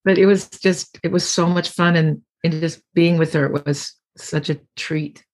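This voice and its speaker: A woman's voice: lowish voice, steady tone, measured pace. Middle-aged comedian lady chatting, tells stories, does everyone's voices. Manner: rambling anecdotes, acts out quotes. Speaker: comedian guest. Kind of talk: casual storytelling interview.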